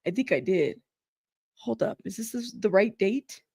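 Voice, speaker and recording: Gravelly-voiced woman hosting transcript commentary. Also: medium pitch, animated, measured pace, a little mellow, no echo, clean studio sound. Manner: chatty, laughs often, talks directly to her viewers. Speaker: host of a news commentary channel. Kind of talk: reading court transcripts aloud with casual commentary.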